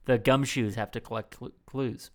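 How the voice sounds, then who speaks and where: Male podcast host, jokey, clear tone, meandering. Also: medium pitch, steady tone, normal speed. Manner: rambling, jokey, many fillers. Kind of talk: casual podcast chat.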